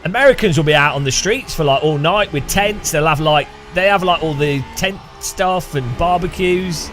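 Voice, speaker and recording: A man's voice: a little high, moderate pace, fairly bright tone, soft background music. A man streaming a sim racing session, chatting in a rambling, jokey way and often breaking into laughter. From United Kingdom. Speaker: gaming streamer. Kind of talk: casual chat while sim racing.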